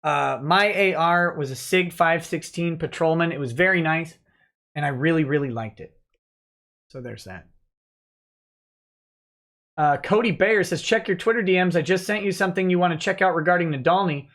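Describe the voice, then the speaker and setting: Guy with a kinda high voice reading chat on a chill stream, offhand and chatty. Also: moderate pace, long pauses, a bit bright. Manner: reads donor messages aloud, chatty and offhand. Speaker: livestream host reading chat. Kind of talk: relaxed live-stream chat.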